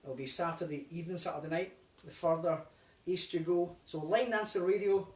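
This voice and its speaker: A man's voice: on the high side, a little fast. Man calling line dance steps. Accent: British. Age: 40s. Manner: calls steps in a loud, raised, sing-song voice; chatty and relaxed between dances. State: out of breath. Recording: distant mic in an echoey room. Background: music playing.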